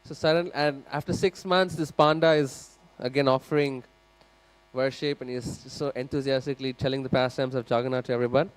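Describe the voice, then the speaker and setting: Brisk and clean in tone, with a mid-range pitch, a man tells a story during a scripture class in a temple hall. He speaks right to his listeners, lively and animated, voicing the characters as part of his sermon storytelling.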